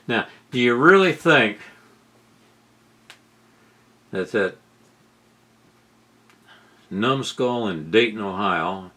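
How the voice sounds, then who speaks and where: A middle-aged man giving sarcastic political commentary over video clips, incredulous and rising to loud outbursts. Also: lowish voice. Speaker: commentary host.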